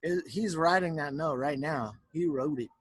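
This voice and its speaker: A male teacher reading a picture book aloud to children on a home video, chatty and animated, often stopping to talk to the kids about the pictures. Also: on the high side, normal speed, breathy edge, no room sound. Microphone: home video recording.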